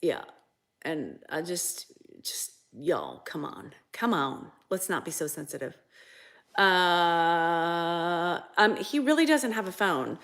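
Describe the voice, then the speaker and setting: A woman's voice: on the low side, sing-song, slow, fairly bright tone. A woman co-hosting a casual livestream, reading out viewer comments, laughing often and swearing freely. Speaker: livestream co-host.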